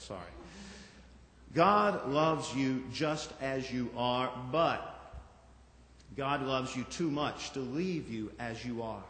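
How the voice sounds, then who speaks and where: A male pastor giving a sermon in a church, reflective and gently conversational, with small asides to the congregation. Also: mid-range voice. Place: church sanctuary. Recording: echoey hall from far off.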